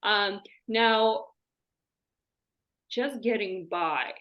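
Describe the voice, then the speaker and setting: A woman's voice: medium pitch, very slow, highs cut off. A woman with a mid-range voice hosts a conversational interview. She reflects aloud, hesitating with fillers, before she asks her guest a question. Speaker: podcast host.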